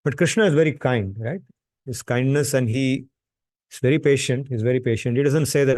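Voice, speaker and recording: A man's voice: mid-range voice, brisk, a little mellow, no room sound, clean studio sound. A man giving a patient, conversational lecture that explains a scripture, often checking in with a rhetorical "right?". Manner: patient, repeats points for emphasis. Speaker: scripture teacher.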